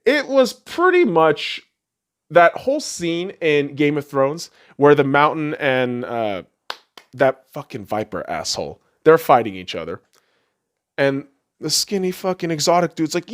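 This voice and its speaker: Young male podcast host, profane, animated sports rant, voice leaping up and down. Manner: excitable, swings from low mutters to loud outbursts.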